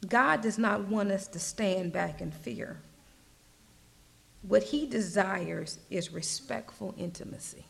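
A woman preacher delivering an earnest sermon at an unhurried pace. Her voice carries a gravelly, creaky texture. She often sinks to a soft whisper to draw the listener close. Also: medium pitch.

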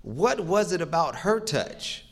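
A man's voice: a little high, very animated, slow, creaky. Man preaching an emphatic sermon. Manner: emphatic, rhythmic preaching with repetition.

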